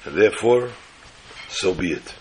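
A man telling a story aloud in animated fashion, jumping into quoted voices of the characters. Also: low voice, unhurried, slight background noise, low-quality recording. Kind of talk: oral storytelling.

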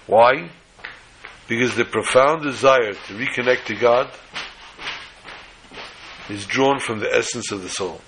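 Bright-voiced man giving a halting sermon. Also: mid-range voice, a little hiss or hum, low-quality recording. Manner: measured, halting, restarts phrases. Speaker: Torah teacher. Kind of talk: sermon on the weekly Torah portion.

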